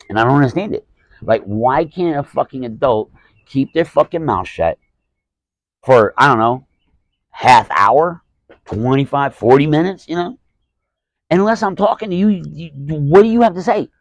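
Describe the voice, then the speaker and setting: A man's voice: on the high side, normal speed, long pauses, dry recording, rough recording. Profane man ranting dryly. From Alabama. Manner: profane, exasperated, animated storytelling. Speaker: stand-up comedian, podcast host. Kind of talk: casual storytelling rant.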